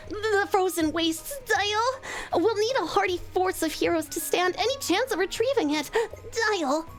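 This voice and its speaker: A woman's voice: very high-pitched, voice pushed up. Woman doing an overworked timid goober. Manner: meek, halting. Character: overworked timid goofy helper, ends lines with a tic.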